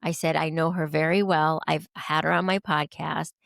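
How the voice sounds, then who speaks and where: A woman with a somewhat low, gravelly voice tells an emotional personal story as a podcast guest. She acts out the lines she quotes with lively swings in tone, and the recording sounds close and dry. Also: moderate pace, no room sound. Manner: animated, acts out quoted dialogue.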